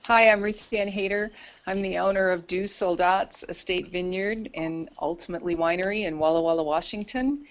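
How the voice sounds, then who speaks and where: A woman's voice: lowish voice, moderate pace. A woman winery owner introducing herself on a panel in a brief, matter-of-fact way. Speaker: winery owner, competition winner. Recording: muffled lo-fi line with clear noise.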